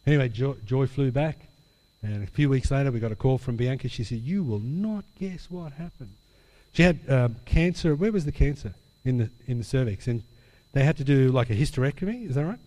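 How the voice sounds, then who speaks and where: Brief: male pastor, mid pitch, lively sermon storyteller, big hall reverb. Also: a little fast. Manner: animated storyteller acting out dialogue.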